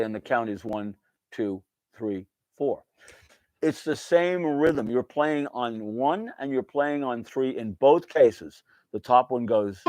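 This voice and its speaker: A man's voice: mid-range voice, darkish tone. A male piano teacher giving a casual lesson, calling notes "guys" in a folksy way and singing the rhythms aloud with syllables.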